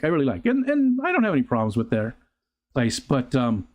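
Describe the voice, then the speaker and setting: Older male livestream host, casual halting chatter, reads comments and drifts between topics. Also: mid-range voice, wildly swooping pitch, darkish tone. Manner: rambling, halting, with frequent restarts and fillers. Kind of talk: casual live chat reading viewer comments. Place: outdoors near a pond.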